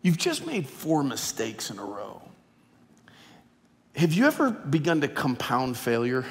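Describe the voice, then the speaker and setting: A middle-aged male pastor preaching a sermon in a large church auditorium, impassioned and conversational, at times dropping very quiet. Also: medium pitch. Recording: echoey reverb of a large hall.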